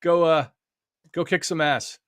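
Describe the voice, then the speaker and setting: A man's voice: a little high, fairly even intonation, measured pace, clear, resonant tone. A man from the United States hosting an online book launch over a video call, talking loosely with many fillers and little laughs. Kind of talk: casual livestream chat.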